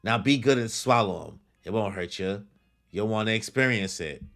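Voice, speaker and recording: A man's voice: fairly low pitch, animated, moderate pace, vocal fry, fairly bright tone. A man reading out the lines of a sleazy male thug posing as a police officer, coaxing and menacing.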